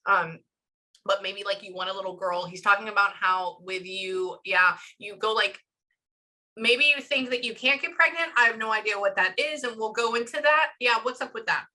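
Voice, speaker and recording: A woman working as a psychic medium gives a casual reading to a client, talking fast and loose in a bright, forceful, medium-pitched voice. She rambles animatedly and keeps stopping herself for quick asides before returning to the thread. The recording is rough.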